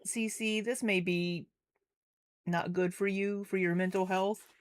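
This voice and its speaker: A woman hosting a reaction commentary, speaking slowly and gently and reassuring a viewer. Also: mid-range voice, steady tone. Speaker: commentary channel host.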